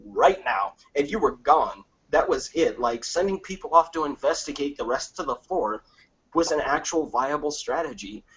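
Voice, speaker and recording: A man with a husky, fairly high voice speaks at normal speed on a casual gaming podcast, ranting animatedly with heavy swearing, comic asides, and impressions. The audio sounds muffled.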